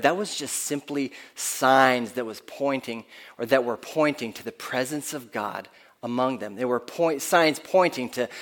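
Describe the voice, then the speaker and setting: A man's voice: medium pitch, a bit bright. A man preaching a sermon in an earnest, conversational way, often restarting his phrases, who speaks of his own kids. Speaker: pastor.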